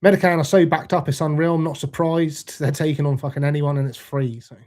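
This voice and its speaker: Reading out comments on his laid-back livestream, this British host jokes around and swears often. He speaks a little fast in a fairly high, steady, slightly mellow voice.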